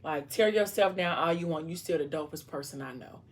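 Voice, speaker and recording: A woman's voice: sits low, fairly quick. A woman voicing a blunt, fiercely loyal young woman who swears freely but speaks with care. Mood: scolding. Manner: blunt and profane but caring.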